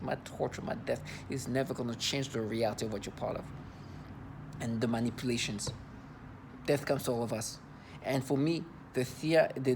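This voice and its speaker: An adult man with a medium-pitched voice vents to camera over background noise. The vlogger is indignant and disgusted in his personal monologue, speaking haltingly and repeating and restarting words.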